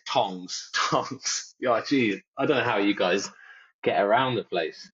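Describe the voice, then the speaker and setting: A man's voice: on the low side, measured pace, fairly bright tone. Jokey man in dull lo-fi audio. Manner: rambling and jokey, mimics other people's phrases. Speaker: podcast co-host. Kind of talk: casual chat.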